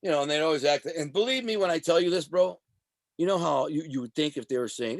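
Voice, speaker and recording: Brief: ex-mob associate, man, animated storyteller who does the voices of people in his stories, tight dry mic. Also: fairly high pitch, quick pace, creaky, no room sound. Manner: animated, profane street talk. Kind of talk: casual storytelling interview.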